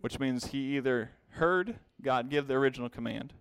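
A man's voice: mid-range voice, moderate pace, vocal fry, a bit bright, clean tone, no echo. Male Bible teacher at a whiteboard; explanatory, repeats key terms; close, dry sound. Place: classroom with a whiteboard.

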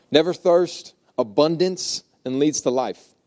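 A man delivers a laid-back sermon in a mellow, warm-toned voice. He keeps it informal and humorous, with playful asides. His pitch sits in an ordinary middle range. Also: lively intonation, moderate pace, dull audio. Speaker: pastor. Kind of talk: conversational sermon.

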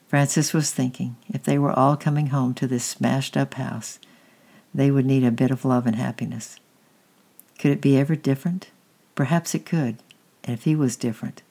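A reader reading a children's story aloud, unhurried and halting, often correcting slips. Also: mid-range voice, fairly even intonation, gravelly, mellow.

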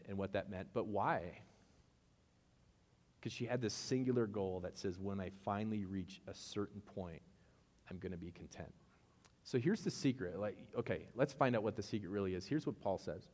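A man pastor gives a chatty sermon full of personal anecdotes, acting out both sides of the conversations. His voice sits a little low and gets animated as the stories build. The sound carries a long reverb from a large hall.

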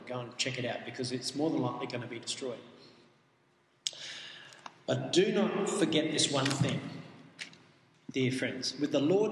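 A man preaching a sermon, earnest and emphatic, reading scripture aloud and explaining it. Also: fairly high pitch. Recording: echoey hall with faint noise.

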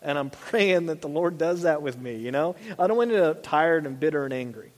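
High-voiced pastor in a reverberant church. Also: male voice, animated, a little fast. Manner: conversational, with frequent asides and restarts. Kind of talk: sermon.

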